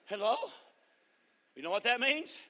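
A man preaching a revival sermon, teasing the congregation and rising to shouted fervor. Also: high-pitched, expressive, unhurried. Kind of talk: joking, call-and-response revival sermon. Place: church revival service. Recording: long echoing church hall reverb.

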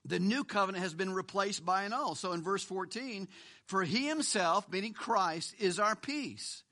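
A man's voice: high-pitched, moderate pace, pushed and bright. A male pastor preaching a sermon, emphatic and full of rhetorical questions, often repeating a word for stress.

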